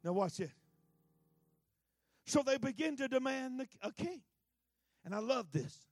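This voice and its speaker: High-pitched, fervent preacher. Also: male voice, animated, a little slow, no echo, faint music behind. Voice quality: colloquial, folksy. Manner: fervent, emphatic, swings between shouting and hushed asides. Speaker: pastor. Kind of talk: sermon.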